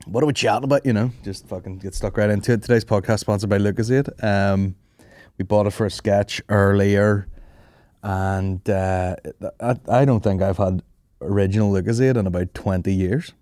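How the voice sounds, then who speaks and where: A young man hosts a podcast in a casual, chatty way, wandering through stories full of swearing and laughter. His voice is lowish and somewhat dark, with fairly even intonation and a moderate pace, and there's no echo in the recording.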